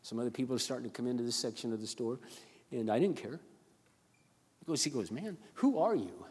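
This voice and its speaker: An older man preaching as a pastor, telling a story earnestly and haltingly, often repeating his words. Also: mid-range voice, breathy edge. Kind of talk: sermon storytelling. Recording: long reverb of a large hall.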